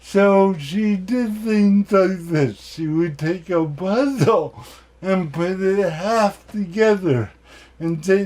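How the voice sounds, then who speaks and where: A man giving a keynote talk, telling personal stories in a deliberate way with self-deprecating humor. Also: high-pitched, darkish tone. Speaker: keynote speaker.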